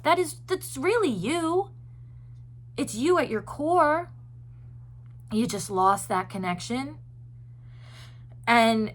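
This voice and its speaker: A woman's voice: on the high side, a bit bright. Woman host, casual chat to viewers, earnest and rambling, lots of filler words. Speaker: self-help video host.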